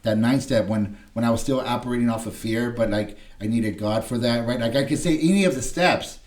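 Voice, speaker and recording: Here a podcast guest, his voice mid-pitched, fairly quick and a little mellow, recounts something emotional and personal. His telling is rambling, profane and blunt, with "right?" frequently added to his sentences.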